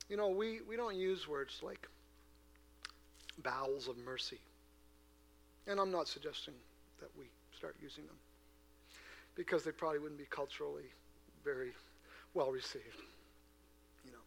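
Male pastor, raised pitch, bright tone, earnest sermon in church with big swings in loudness. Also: moderate pace, creaky, long pauses, a little hiss or hum. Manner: earnest, swings from hushed asides to loud emphatic preaching; asks the congregation rhetorical questions. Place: church before a congregation.

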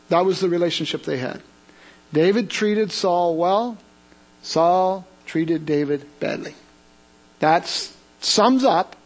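Man leading a Bible study. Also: poor audio. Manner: reads scripture aloud then comments, with fillers and restarts; rises in pitch and volume for emphasis. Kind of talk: conversational Bible teaching.

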